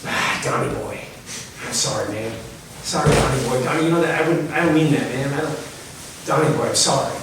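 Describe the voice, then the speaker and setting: A man voicing a drunk, remorseful big man who pleads softly in an apology, heard from far off in an echoey hall. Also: medium pitch, fairly quick, creaky, noisy background, lightly acted. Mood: apologetic.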